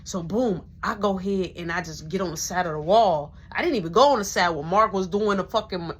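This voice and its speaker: Young adult woman, husky tone, casual cursing storyteller who whispers her quotes. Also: on the low side, a little fast. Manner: profane, slangy, drops into whispers when quoting people.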